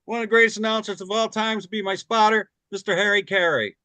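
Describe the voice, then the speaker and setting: A male stand-up comedian from Chicago, setting up a string of impressions with quick lines. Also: sits high, steady tone, pushed and bright, dry recording. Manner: quick setups between impressions.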